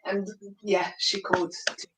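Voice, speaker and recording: A woman joining a casual chat from off-mic. She talks slowly and laughs as she speaks. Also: on the low side, flat delivery. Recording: distant from the mic, noisy background.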